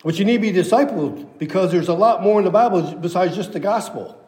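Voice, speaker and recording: A man's voice: high voice, brisk, darkish tone, reverberant, in a large hall. A pastor preaching a sermon to his church, emphatic and repeating key phrases for weight.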